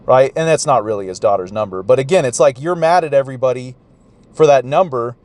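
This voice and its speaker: A man's voice: mid-range voice, fast, a little mellow, no echo. A man vlogger telling a story in a profane, rambling rant. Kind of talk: ranting recount.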